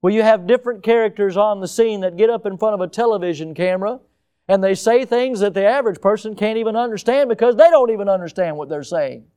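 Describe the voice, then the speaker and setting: An older man, a pastor, preaching a sermon with emphatic rises and sudden quiet drops. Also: high voice, fast talker, clean tone.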